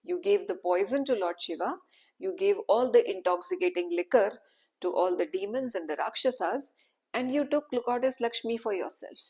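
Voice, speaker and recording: A woman's voice: medium pitch, normal speed, vocal fry, a little mellow, breathy edge. Woman voicing a furious, wounded old sage. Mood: accusing. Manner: bitter, accusing outbursts.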